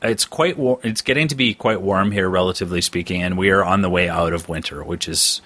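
A man's voice: sits low, a little fast, fairly bright tone. A man co-hosting a casual podcast, talking in a playful, jokey, rambling way. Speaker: podcast co-host. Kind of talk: casual chat.

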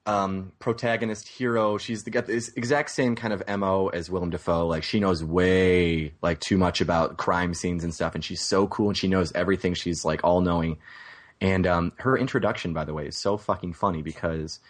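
Man, low voice, casual movie podcast, rambling, cursing, animated impressions. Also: normal speed. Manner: rambling, swears, animated voice imitations. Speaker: podcast co-host. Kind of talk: casual film chat.

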